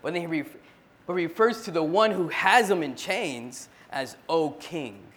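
A man's voice: high-pitched, expressive, normal speed, a bit bright. A man at a church meeting, earnestly retelling a Bible story in a casual sharing style, often restarting his sentences.

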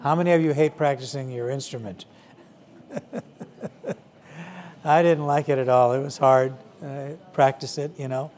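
A man's voice: mid-range voice, fairly even intonation, unhurried, pauses often, darkish tone. A middle-aged man preaching a conversational sermon to young people, with frequent "you know" fillers.

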